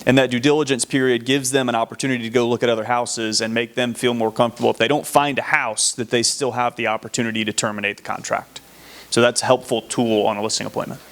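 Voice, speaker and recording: Calm Southern male agent, mid pitch, practical and matter-of-fact. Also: fast talker. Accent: Southern American. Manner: plain, steady, practical, a few restarts. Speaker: real estate agent co-presenter. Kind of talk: instructional talk.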